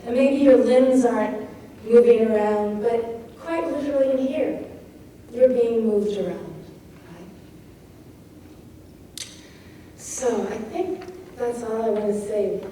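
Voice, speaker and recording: A woman's voice: fairly high pitch, warm tone. Woman poet lecturing in an echoey hall. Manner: thoughtful, demonstrative, reads verse slowly and expressively. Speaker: poet giving a craft talk. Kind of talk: lecture on poetic rhythm. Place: lecture hall at a poetry festival. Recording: echoey hall taped from far off with faint hiss.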